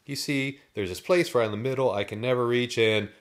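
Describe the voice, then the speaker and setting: A man voicing a frightened, drooling little zombie boy in a storybook reading, with a high, pleading voice. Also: a little fast, close to an everyday voice. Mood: wondering.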